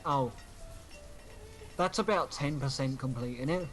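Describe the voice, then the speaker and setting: A man's voice: medium pitch, unhurried, soft background music. A man casually chatting with friends while livestreaming a game, swearing freely and laughing at his own jokes. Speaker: streamer host. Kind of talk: casual gaming chat.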